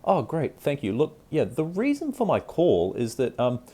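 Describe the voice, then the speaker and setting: A man voicing an overly eager, deferential cold caller whose pitch keeps rising at the ends of phrases. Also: wildly swooping pitch, moderate pace, warm tone, husky. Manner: upward inflection, pitch rising all over the place.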